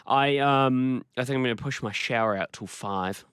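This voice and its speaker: A man's voice: mid-range voice, normal speed, fairly bright tone, clear, resonant tone, no echo. A man with a New Zealand accent, co-hosting a radio show in the studio with playful, mock-serious banter. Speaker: radio host. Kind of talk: casual banter.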